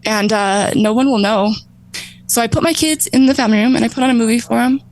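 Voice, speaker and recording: A woman in her thirties telling her own recovery story on a talk show, animated, laughing often and acting out her past thoughts. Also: fairly high pitch, fast talker, low-quality recording. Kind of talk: emotional personal storytelling.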